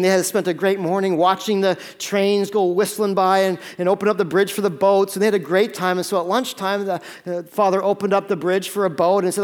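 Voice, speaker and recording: A man preaching a sermon as pastor, telling a story with sudden loud peaks and hushed stretches, often restarting his words. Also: high voice. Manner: storytelling, swinging from loud urgent peaks to hushed near-whispers.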